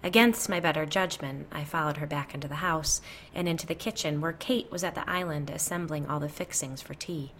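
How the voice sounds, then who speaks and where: A woman reading a first-person ghost story aloud in a measured storytelling voice. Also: deep voice, steady tone, fairly bright tone, slight background noise. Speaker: narrator.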